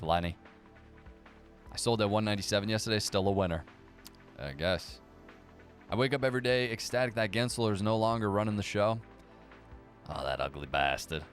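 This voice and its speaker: Man, livestream host, low voice, sarcastic, swears a lot, faint music underneath. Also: steady tone. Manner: profane, sarcastic, fast banter. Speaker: livestream host reading viewer chat. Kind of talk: casual live chat.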